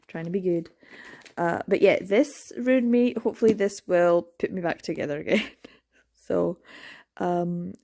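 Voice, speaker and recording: A young woman chatting emotionally about a book in a casual reading vlog, laughing often. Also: on the low side. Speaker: book vlogger.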